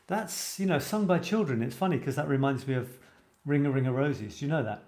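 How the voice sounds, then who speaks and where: A man's voice: mid-range voice, animated, fairly quick, darkish tone. Male livestream host, chatty and enthusiastic, roomy echo on the voice. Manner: chatty, enthusiastic, reads comments aloud. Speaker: host of a live writing show. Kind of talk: casual live-stream chat. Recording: roomy echoey sound.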